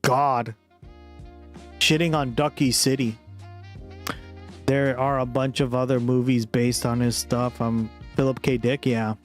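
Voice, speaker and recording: A man's voice: medium pitch, fairly even intonation, a little slow, pauses often, soft background music. A man hosting a live stream in casual chat, laughing often and swearing as he riffs. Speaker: streamer host.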